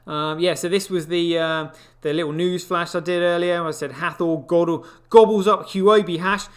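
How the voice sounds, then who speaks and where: A man's voice: on the high side, level tone, moderate pace. A man hosting a live online show, rambling through casual news commentary with lots of fillers and wry asides. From United Kingdom.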